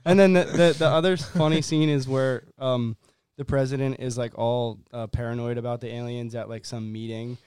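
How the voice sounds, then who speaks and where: A man's voice: medium pitch, fairly even intonation, normal speed, a little mellow, smooth, no room sound, clean studio sound. A young man casually retelling a comedy movie to friends in a rambling way, full of fillers. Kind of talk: casual chat among friends.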